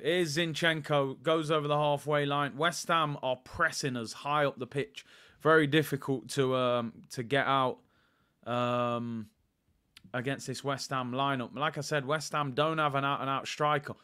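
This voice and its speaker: A young man hosts a live fan watchalong, calling the play and chatting to viewers. His voice is bright and sits slightly high, and he gets excitable when the action picks up. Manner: chatty, excitable, jumps between play-by-play and asides, reads chat aloud. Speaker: fan channel host doing a live watchalong. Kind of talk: casual live match commentary.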